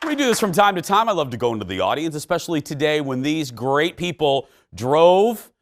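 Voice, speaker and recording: A man's voice: fairly high pitch, fairly quick. A man hosting a talk show and chatting playfully with his studio audience. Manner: animated and playful. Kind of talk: energetic audience chat. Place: television studio with live audience. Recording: studio crowd, background noise.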